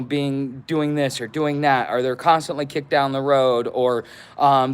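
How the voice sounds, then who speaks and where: A man's voice: fairly high pitch, a bit bright. A man vlogging in a casual, unscripted monologue, rambling with many fillers and restarts.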